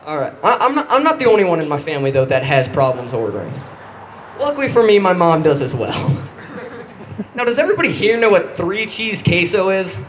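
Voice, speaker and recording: Young male stand-up comic, high, animated delivery, self-deprecating, faint room noise. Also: low-quality recording. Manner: halting, self-deprecating, stumbles and restarts. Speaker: stand-up comedian. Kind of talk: stand-up comedy set.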